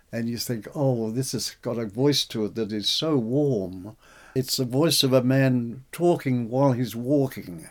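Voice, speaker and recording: A poet and translator discusses his translation of a medieval poem in a conversational interview, reciting lines aloud with animation. His voice is mid-range and he speaks a little slowly.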